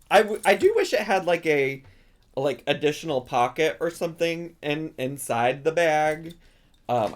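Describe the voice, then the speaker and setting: A man hosting a casual live stream, chatting playfully with viewers and breaking into squeals and giggles. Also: fairly high pitch. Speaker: streamer host.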